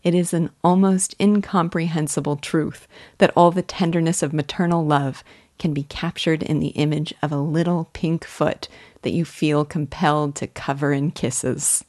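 A woman's voice: deep voice, steady tone, darkish tone, dry recording, studio quality. A woman giving earnest, admiring scripted commentary on a classic novel as a literature guide. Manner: earnest, admiring, measured reading.

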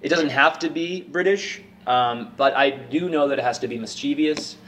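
A man's voice: medium pitch, moderate pace. Rambling, jokey man, off-mic. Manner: rambling, jokey, animated when quoting. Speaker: podcast co-host, stage actor. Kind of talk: casual chat. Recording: distant mic with faint noise.

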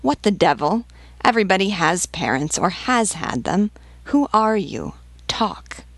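A blunt, demanding army sergeant, read out by a woman who fires question after question. The voice sits low and gravelly, recorded close and dry with no room around it. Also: animated, normal speed, no echo. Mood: stern. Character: gruff male Republican sergeant, blunt interrogator.

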